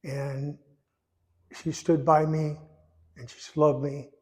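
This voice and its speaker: A man in his eighties giving a personal testimony in church, rambling and folksy, pausing when emotional. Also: on the high side, flat delivery, darkish tone. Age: 80s. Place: church sanctuary. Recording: echoey church hall.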